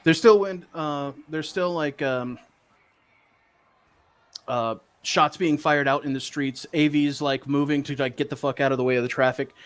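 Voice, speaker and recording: A man's voice: fairly high pitch, fairly even intonation, normal speed, smooth. A man narrating as game master of a tabletop game, rambling with many fillers.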